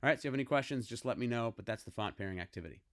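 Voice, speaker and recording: Speaking very fast in an expressive, mid-range voice with a fairly bright tone, an American man guides students through a typography exercise on screen. It's a screen-recorded class tutorial, and his manner is casual and coaxing, often asking "okay?"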